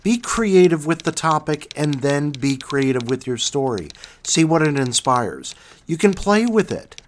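A man hosting his own podcast in casual solo talk, self-mocking and animated, swinging between loud bursts and muttered asides. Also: a little high, a little slow, a little hiss or hum. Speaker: podcast host.

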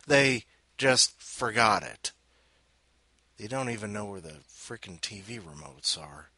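A man hosts a podcast in a blunt, sardonic, profane way, sounding sick and worn out. His bright voice swings widely in pitch while he talks slowly. The sound is close and dry. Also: no echo. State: sick and tired. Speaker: podcast host. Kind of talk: casual monologue.

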